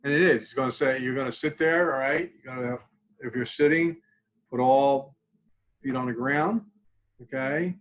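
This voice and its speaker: A man's voice: medium pitch, normal speed, a bit bright, rough recording. A man, a student support clinician, leading a live counseling webinar in a casual, conversational way, guiding tapping and mindfulness exercises and checking in with "okay?" after nearly every point. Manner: conversational, tags lines with "okay?".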